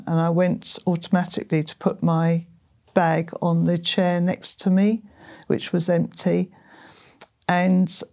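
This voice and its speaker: Slow, gravelly middle-aged woman. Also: fairly low pitch, mellow. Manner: earnest and halting, with many ums and repeated words. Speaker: guest sharing a testimony. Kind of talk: personal faith testimony in an interview.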